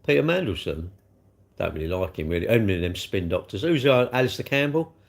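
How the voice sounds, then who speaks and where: A man's voice: lowish voice, sing-song, brisk, gravelly. An older man, hosting a casual livestream, chatting in a rambling, blunt way while he answers viewer comments. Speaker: livestream host.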